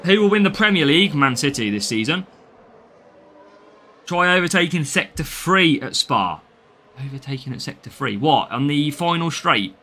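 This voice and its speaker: His voice sits fairly high, animated and bright with a forceful edge, at a moderate pace. This Englishman is live-streaming a mobile racing game, chatting loosely with his audience, calling out viewers by name from the chat and laughing often.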